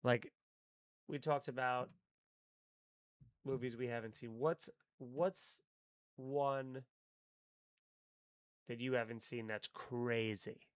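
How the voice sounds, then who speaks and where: Excitable man chatting on a live stream. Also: medium pitch, slow, pauses often, smooth, dry recording, studio quality. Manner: excitable, swears a lot, chats with viewers. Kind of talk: casual live-stream chat.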